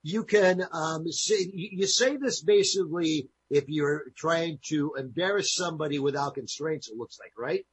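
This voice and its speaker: Jovial husky-voiced man co-hosting. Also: a little high, normal speed, hardly any pauses, rough recording. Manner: jovial, explains phrases to listeners. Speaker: co-host. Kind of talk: casual radio-style chat.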